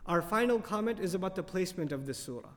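A man with a high voice teaches a tafsir lecture to his audience. He talks fast and with animation, often asking them questions. The recording has the long reverb of a hall. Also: expressive, fairly bright tone. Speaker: Quran teacher.

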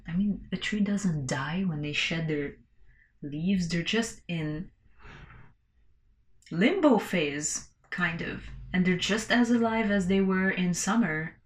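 A woman talking slowly and loosely on her own podcast, her voice sitting a little low. She rambles, swears freely and laughs between thoughts, and the room around her rings with a noticeable echo. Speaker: podcast host. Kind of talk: casual solo podcast monologue.

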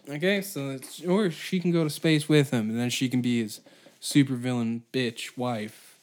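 A man's voice: medium pitch, steady tone, normal speed. A man from Canada hosting a solo comedy podcast, rambling and profane as he riffs off the cuff. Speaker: podcast host.

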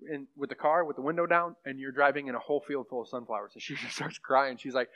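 In a muffled lo-fi room recording, a pastor teaching a class talks about prophecy. He's a young man whose medium-pitched voice runs fast, bright and pushed, and he wanders conversationally through the material with plenty of fillers and side remarks to those present.

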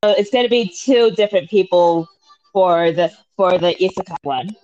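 A woman, a mother, chatting casually with her son, blunt and quick to swear. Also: on the low side, darkish tone, dull audio, soft background music. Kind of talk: casual chat.

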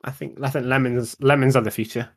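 Man, laid-back, dry jokes, mid-pitched voice, casual podcast banter. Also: little pitch movement, fast talker. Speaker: podcast co-host. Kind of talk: casual chat.

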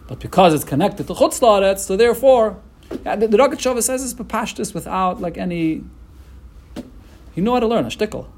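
Male Talmud teacher, high voice, emphatic, faint background noise. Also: a little fast. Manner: animated, emphatic, with many restarts and Hebrew-Yiddish terms. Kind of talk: casual Talmud lecture.

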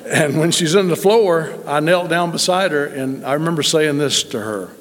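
A middle-aged preacher tells a testimony during a sermon, folksy and emphatic, in a slightly high voice at a moderate pace. The recording has long reverb from a large hall.

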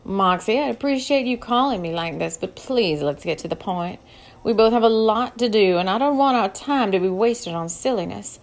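A woman's voice: mid-range voice, animated, moderate pace, natural voice. A woman reading an audiobook, voicing a shrewd older woman who runs the show and speaks directly. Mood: brisk, commanding. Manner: commanding, direct. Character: older female boss, shrewd, brisk and impatient.

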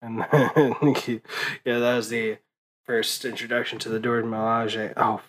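Exhausted young man, slow unhurried talk, rambling and profane, lots of fillers. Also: mid-range voice, level tone, poor audio. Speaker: vlogger. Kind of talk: casual late-night monologue.

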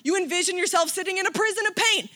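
A woman's voice: very high-pitched, fast talker, pushed and bright. A woman preaching a sermon with passion, driving her points home by repeating phrases. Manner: impassioned, emphatic, repeating phrases.

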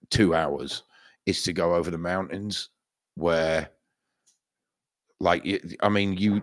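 A man's voice: low-pitched, no echo, clean studio sound. A man, co-hosting a podcast, telling rambling stories with lots of swearing. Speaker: podcast co-host. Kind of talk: casual chat.

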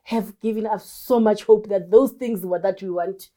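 A woman's voice: mid-range voice, normal speed. A woman who runs her own business, talking as an interview guest. She tells her stories with energy and acts out the lines of the people in them. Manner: animated storyteller who acts out quoted dialogue. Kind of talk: casual interview conversation.

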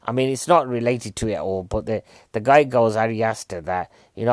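A man's voice: on the low side, brisk, a little mellow, no room sound, clean studio sound. A man, rambling jokily as a podcast host reviewing a film and poking fun at himself. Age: 40s. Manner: rambling, jokey, self-mocking. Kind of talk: casual film review chat.

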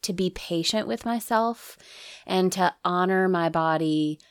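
A woman guest on a podcast, talking over her art in an earnest, searching way and often circling back to restart her thought. Her voice sits fairly low and sounds dry and close to the mic. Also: measured pace, clean tone, dry recording. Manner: earnest and reflective, with restarts and soft laughs. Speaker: guest, burlesque performer and musician. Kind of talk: casual interview chat.

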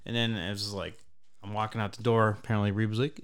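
A man's voice: lowish voice, quick pace, clean tone. A man in his thirties telling a rambling, profane story as a podcast host in casual chat. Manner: profane, rambling, animated when telling stories.

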